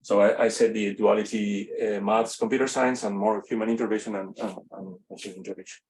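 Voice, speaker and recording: Lecturing off the cuff to a class, this man, whose native language is Spanish and who speaks with a Spanish accent, pauses frequently and leans on fillers and false starts. He has a fairly low, slightly mellow voice with a steady tone.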